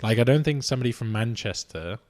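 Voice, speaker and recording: A man's voice: mid-range voice, lively intonation, fast talker, a little mellow. A man co-hosting a podcast, chatting casually and rambling with frequent restarts. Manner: rambling, restarts and trails off mid-thought. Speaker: podcast co-host. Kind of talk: casual chat.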